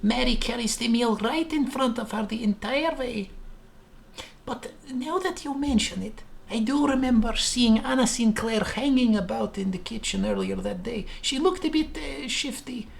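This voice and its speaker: A man's voice: very high voice, normal speed, creaky, voice pushed up, heavily acted. A man voicing a grumpy old Russian babushka cook in a game, blunt and dismissive, with a put-on Russian accent. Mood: grumbly.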